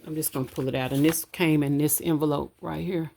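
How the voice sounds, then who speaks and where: A woman chatting casually to her viewers at home, calling them y'all and counting out loud as she goes. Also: low voice, steady tone, brisk, vocal fry, slight background noise. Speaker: budgeting vlogger. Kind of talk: casual chat to camera. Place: home room. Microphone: camera on a stand.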